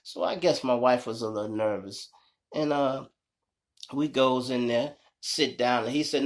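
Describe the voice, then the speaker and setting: A man's voice: mid-range voice, moderate pace. A man with a Chicago accent, telling a story in a casual, profane way and keeping up a running chat with his audience. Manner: animated, profane, keeps addressing the audience. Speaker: storyteller host.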